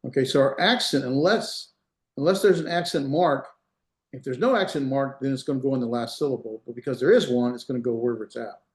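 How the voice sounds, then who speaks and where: In an echoey classroom, a fast-talking Hebrew teacher with a medium-pitched voice lectures step by step. He repeats his examples and checks in to confirm students understand.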